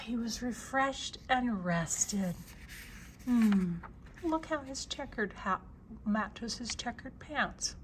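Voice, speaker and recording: An older woman reading a picture book aloud to children, slow and expressive, pausing to ask the listener questions. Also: mid-range voice, a little hiss or hum. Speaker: storyteller.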